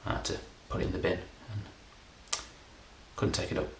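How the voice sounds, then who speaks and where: A middle-aged man from England, a comedy magician, rambling through a deadpan, self-deprecating monologue. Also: moderate pace, echoey room, a little hiss or hum.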